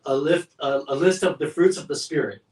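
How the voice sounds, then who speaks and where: A man's voice: on the high side, a little fast, darkish tone, echoey room, recorded from a distance, low-quality recording. A man co-hosting a faith discussion podcast, talking earnestly and fervently with many restarts. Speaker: podcast co-host.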